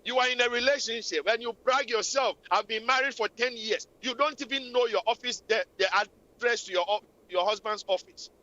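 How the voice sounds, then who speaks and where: A woman's voice: a little high, brisk, pushed and bright. A woman hosting a radio talk show, scolding and preaching relationship advice in a repetitive, impassioned way. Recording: lo-fi radio recording.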